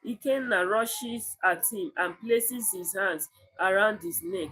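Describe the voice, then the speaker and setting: A woman reading a story aloud as narrator, slow and measured. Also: mid-range voice, a bit bright, faint music behind, low-quality recording.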